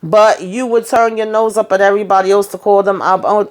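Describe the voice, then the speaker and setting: A woman's voice: mid-range voice, steady tone, fairly quick, hardly any pauses. A woman casually recapping a TV episode, blunt and outspoken, swearing freely and briefly voicing the characters as she retells each scene. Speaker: TV show recapper.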